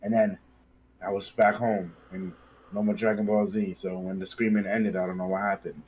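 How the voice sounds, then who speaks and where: A man's voice: fairly low pitch, little pitch movement, moderate pace, darkish tone, slight background noise, poor audio. A man on a podcast, bluntly telling a story in casual banter with friends. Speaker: podcast co-host. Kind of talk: casual chat.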